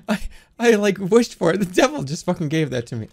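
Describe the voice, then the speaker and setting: Man streaming a game, rambling profane commentary, slightly high voice, very lively pitch. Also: normal speed, slightly rough. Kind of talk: live gameplay commentary.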